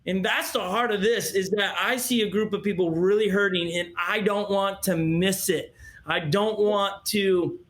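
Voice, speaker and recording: High-voiced, animated man interviewing. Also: a little slow. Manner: animated storyteller, acts out quotes, restarts often. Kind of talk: candid interview conversation.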